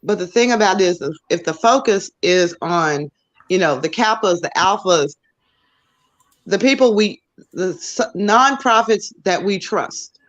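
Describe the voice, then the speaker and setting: A woman's voice: mid-range voice, animated, a little slow, highs cut off. An American woman on a podcast panel, arguing her case and explaining in numbered points. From United States. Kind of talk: heated panel discussion.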